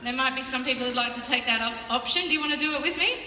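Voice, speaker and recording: A woman's voice: high-pitched, racing, sharp tone, a little hiss or hum. An Australian woman leading a choir rehearsal, upbeat and encouraging, who breaks into song to show the parts. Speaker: choir leader. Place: large town hall. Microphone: camera on a tripod, far from the speaker. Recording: echoey hall from far off, with music. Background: choir and instrument.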